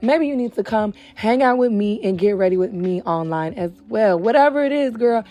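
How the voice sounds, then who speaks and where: Young woman, wig tutorial host, chatty, a bit hoarse and winded, mellow dark tone. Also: on the high side, lively intonation, moderate pace. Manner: chatty, calls viewers girl and baby. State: tired and hoarse, short of breath. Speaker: beauty supply wig stylist host. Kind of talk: casual tutorial talk to camera. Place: indoors at home.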